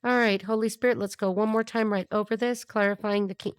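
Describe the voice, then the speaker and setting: A woman's voice: mid-range voice, brisk, smooth, no echo, clean studio sound. Blunt, wisecracking woman reading tarot. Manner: blunt, profane, wisecracking asides; animated, jumps between thoughts. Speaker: tarot reader.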